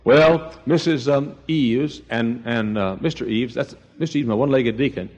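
An older man preaching a sermon, telling folksy stories and swinging between quiet asides and loud, high exclamations. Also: moderate pace, lo-fi sound. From East Texas. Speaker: pastor.

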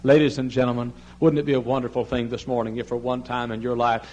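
A man preaching a sermon as pastor of his church, swinging from soft pleading to loud shouted emphasis, telling stories and mimicking the people he quotes. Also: medium pitch, level tone, fast, few pauses, highs cut off. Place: church sanctuary.

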